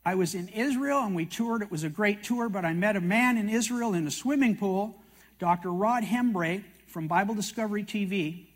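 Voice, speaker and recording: An older man from Canada tells his testimony as a sermon, with a high voice. His manner is folksy and self-mocking. He mixes in acted quotes from other people. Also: normal speed. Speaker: TV prophecy teacher speaking at a meeting.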